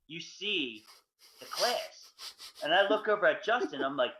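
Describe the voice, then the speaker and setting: A man's voice: on the high side, measured pace, long pauses. A young man co-hosting a podcast, telling stories in casual chat with lots of fillers. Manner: lively storytelling, many fillers. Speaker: podcast co-host. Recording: dull lo-fi sound.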